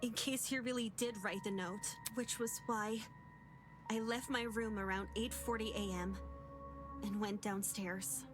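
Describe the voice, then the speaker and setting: A woman reading the lines of a timid, self-blaming young woman from a game, slowly and hesitantly. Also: mid-range voice, steady tone, music in the background, close to an everyday voice.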